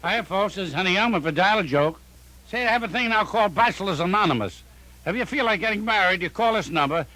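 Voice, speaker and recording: An older male comedian rattling off one-liners in a punchy, deadpan joke-telling style. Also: high-pitched, soft background music, poor audio. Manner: punchy deadpan joke delivery with quick setups. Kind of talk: rapid-fire one-liner joke recording.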